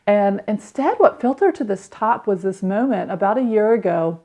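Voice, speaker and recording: A woman's voice: medium pitch, animated, dark tone. A woman in her thirties, a podcast host, reflectively telling a candid personal story about healing. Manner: candid, reflective, with quick acted quotes.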